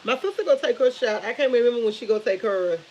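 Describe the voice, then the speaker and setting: A woman's voice: fairly high pitch, lively intonation, fast, a little mellow. Woman just talking on her stream, rambly, kinda dull audio w/ a little hiss. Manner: chatty, rambling, retells conversations. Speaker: vlogger. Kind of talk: casual live-stream chat.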